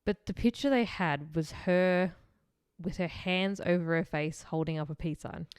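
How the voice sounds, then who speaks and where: Young woman podcast host, kinda low voice, super dry close mic, laughs a lot. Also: unhurried, a little mellow, smooth, no echo. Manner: chatty, laughs often, swears casually. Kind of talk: casual true-crime podcast chat.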